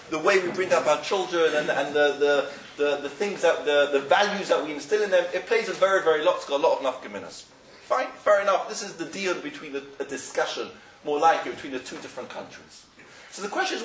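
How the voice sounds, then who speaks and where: A man's voice: high-pitched, fairly bright tone. A man giving a Talmud lecture, asking rhetorical questions and mixing in Hebrew and Yiddish terms, often restarting his words. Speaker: Torah teacher. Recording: roomy, distant mic, faint noise.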